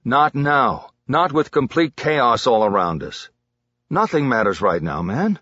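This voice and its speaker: A man's voice: medium pitch, sing-song, a little slow, sharp tone, dry recording, muffled recording, voice pushed up, heavily acted. A man voicing a talkative, restless police detective who keeps pressing his partner. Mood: pleading. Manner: restless, talks too much when keyed up.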